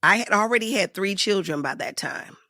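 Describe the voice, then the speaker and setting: A woman's voice: mid-range voice, expressive, a little fast, sharp tone, dry recording, clean studio sound. A woman in her fifties, an actor telling stories in an interview, acting out every voice with big swings. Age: 50s. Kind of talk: storytelling interview.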